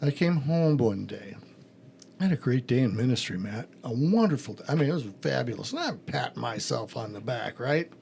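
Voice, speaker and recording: Middle-aged pastor guy spinning a story, voice jumps all over, a bit gravelly. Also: medium pitch, brisk, slight background noise. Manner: animated storyteller acting out phone calls. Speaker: podcast host and pastor. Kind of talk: storytelling in casual chat.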